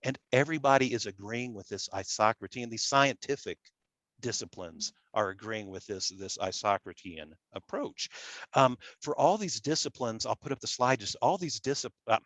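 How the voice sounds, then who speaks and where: A man's voice: mid-range voice, fairly bright tone, no room sound. Nasal Midwestern man lecturing. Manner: halting, repeats words, self-deprecating. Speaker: public relations scholar. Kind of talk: academic lecture with slides.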